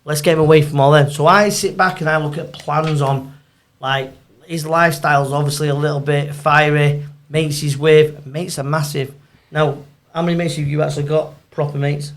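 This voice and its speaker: A man, a football agent chatting in an interview, telling animated stories. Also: fairly high pitch, moderate pace. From Manchester, England. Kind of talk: casual storytelling interview.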